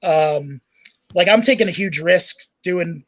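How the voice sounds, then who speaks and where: A man on a casual panel show, chatting in a loose, relaxed way. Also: high-pitched, slow, no room sound, low-quality recording.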